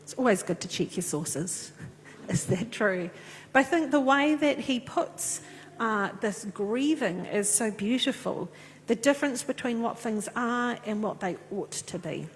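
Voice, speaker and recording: A woman's voice: on the high side, animated, moderate pace. New woman preaching in an echoey church. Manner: earnest, conversational preaching with fillers. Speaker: pastor. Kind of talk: sermon with scripture reading. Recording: echoey church with faint hum.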